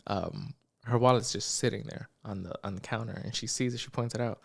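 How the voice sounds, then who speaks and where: A young podcast co-host, gravelly and fairly low-pitched, tells a story at a fairly quick clip. It's casual talk, and he gets animated, mimicking the characters and swearing freely.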